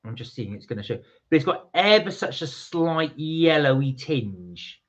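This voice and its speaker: A chatty man with a fairly high voice talks through a casual live stream. He rambles, reads viewer messages aloud and reacts as he goes. The stream audio is muffled and lo-fi. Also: very animated, moderate pace, fairly bright tone.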